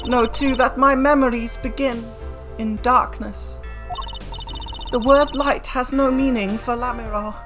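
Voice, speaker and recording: A calm, poised blind songstress with a high, clear voice, as a woman puts her on. She speaks slowly in formal, gentle phrases, in a fan-made game dub with soft music underneath. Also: close to an everyday voice. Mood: serene. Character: serene blind female singer, gentle, poised.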